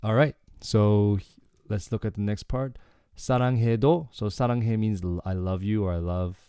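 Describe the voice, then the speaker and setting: Male Korean tutor, deep and warm, laid-back explainer who keeps saying "okay". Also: fast talker, clean tone, no echo, clean studio sound. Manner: relaxed, explanatory, frequent "okay" and "like". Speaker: Korean language teacher. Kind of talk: casual lyrics breakdown lesson.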